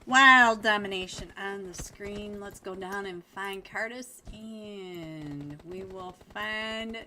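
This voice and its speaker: Bright-voiced woman casting a live esports match. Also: medium pitch, slow, few pauses, a little hiss or hum. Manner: chatty and playful, laughs often, talks to chat. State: hoarse. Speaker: esports caster and streamer. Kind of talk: live game commentary.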